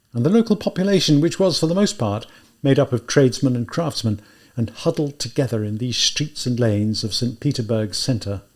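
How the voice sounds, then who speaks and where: Man reading an audiobook, husky voice, slow and careful. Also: mid-range voice. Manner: measured, deliberate reading of a classic novel. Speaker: audiobook reader. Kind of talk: scripted narration.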